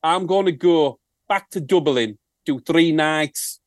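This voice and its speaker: A man impersonating a laid-back male rock singer with a put-on northern English accent and a slow, mumbling drawl. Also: on the high side, dry recording, studio quality. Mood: drawling apology.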